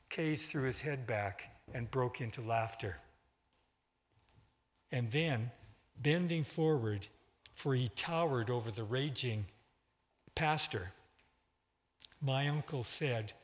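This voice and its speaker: Slow dramatic male storyteller. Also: medium pitch. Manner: measured, dramatic reading. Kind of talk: reading a story aloud. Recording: long hall reverb.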